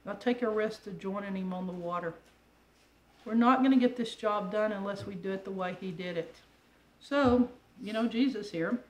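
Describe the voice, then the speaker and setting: Animated woman preacher in an echoey room. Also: medium pitch, moderate pace. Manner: animated, conversational, with rhetorical questions. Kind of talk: sermon. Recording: echoey room with faint ambient noise.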